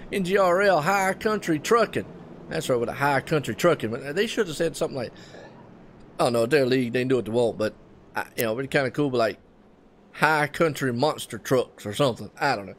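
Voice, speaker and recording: A man from North Carolina with a Southern US accent, calling a live race in a chatty, excitable play-by-play that keeps turning to folksy asides to viewers. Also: on the high side, slight background noise. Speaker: race commentator.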